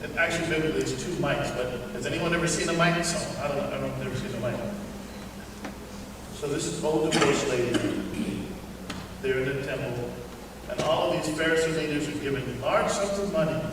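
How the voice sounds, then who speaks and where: A middle-aged pastor preaching a sermon, telling stories with humorous asides to the congregation. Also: male voice, a little high, a little fast, noisy background. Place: church sanctuary. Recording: echoey church hall from far off.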